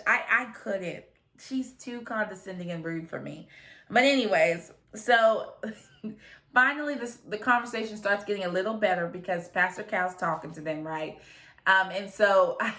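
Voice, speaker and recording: A woman's voice: mid-range voice, normal speed, a bit bright. A young woman giving a chatty, opinionated recap of a reality show, quoting the people on it in her own voice. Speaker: recap vlogger.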